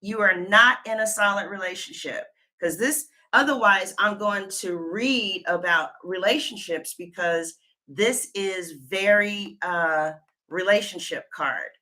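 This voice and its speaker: Woman, live-stream tarot reader, mid-range pitch, bright and crisp, rambling and conversational. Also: unhurried. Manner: chatty, thinks aloud, trails off and restarts. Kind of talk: live-stream tarot reading, chatting with viewers.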